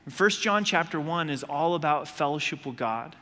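A man's voice: fairly high pitch, animated, normal speed, sharp tone. A man preaching a sermon as a pastor, talking to the congregation in a conversational way with many rhetorical questions. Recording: long hall reverb.

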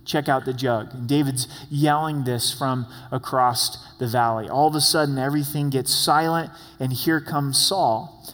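A man's voice: medium pitch, steady tone, a little slow, fairly bright tone. Casual, conversational preacher man. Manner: casual, conversational, with asides and repeated words. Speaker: pastor. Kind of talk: expository sermon. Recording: long hall reverb.

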